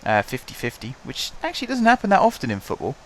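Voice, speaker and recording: Hoarse guy calling a football sim. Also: mid-range voice, wildly swooping pitch, fast, fairly bright tone. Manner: chatty, wry, calls the match play by play. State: hoarse from shouting. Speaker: gaming channel host. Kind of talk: casual let's-play commentary.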